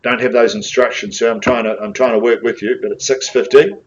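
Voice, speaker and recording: A man's voice: mid-range voice, steady tone, fairly quick, muffled recording. A man with a New Zealand accent calling a live property auction, coaxing bidders with jokes between bid calls.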